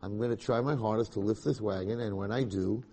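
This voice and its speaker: Man doing a plain, earnest worker, low husky voice. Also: fairly even intonation, a little fast, mellow. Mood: determined. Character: simple, earnest working man Yaakov.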